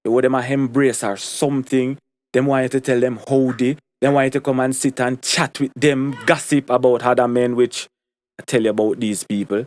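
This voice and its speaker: A young Jamaican man talks straight to camera in an emphatic monologue, hammering each point by saying it twice. His voice sits at an ordinary middle pitch. The sound is dry and close, with no room around it. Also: little pitch movement, normal speed, darkish tone, no echo. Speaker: commentary vlogger.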